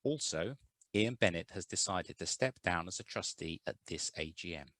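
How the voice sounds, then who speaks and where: Uk guy chairing an online meeting, really low voice, dry close sound, reads it out steady and formal. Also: normal speed, no echo. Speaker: chair of a charity AGM. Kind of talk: reading a prepared meeting report. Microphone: video call.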